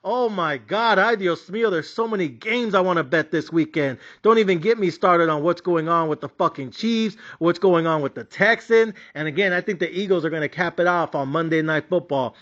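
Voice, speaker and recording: A man's voice: high-pitched, normal speed, hardly any pauses, fairly bright tone. A man hosting sports betting picks, talking in a brash, hyped, profane rant, mixing in words. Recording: dull lo-fi sound.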